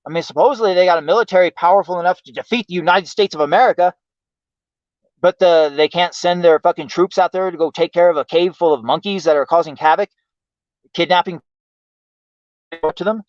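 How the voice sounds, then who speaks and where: A livestream host rants with exasperation and heavy profanity, asking "why" over and over. His voice sits high and moves fairly quickly, with no echo. A home streaming mic yields dull, lo-fi stream audio.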